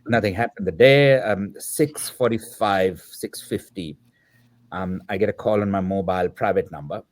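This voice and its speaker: A middle-aged man, a podcast guest, telling a story with animated energy and acting out the voices of the people in it. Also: sits low, moderate pace. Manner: animated, acts out the dialogue of the people in his story. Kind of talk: storytelling in an interview.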